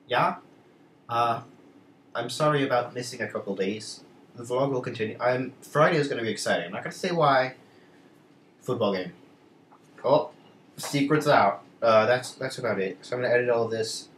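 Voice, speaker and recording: A man's voice: medium pitch, normal speed, long pauses, fairly bright tone, a little hiss or hum. A teenage boy vlogging casually, rambling through a story with many restarts and asides. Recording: echoey room, mic at a distance.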